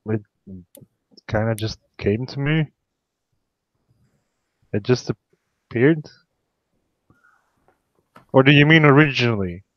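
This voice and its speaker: Slow, hesitant man on a dull dry mic. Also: medium pitch, no room sound. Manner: hesitant, halting, with restarts. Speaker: player. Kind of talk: casual tabletop play.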